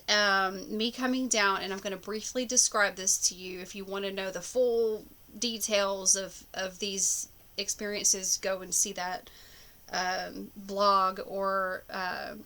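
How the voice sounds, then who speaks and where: A woman's voice: medium pitch, fairly even intonation, unhurried, bright, forceful tone. A woman talking casually to camera about her dreams, rambling with many fillers and restarts. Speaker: spiritual vlogger. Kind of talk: casual personal monologue.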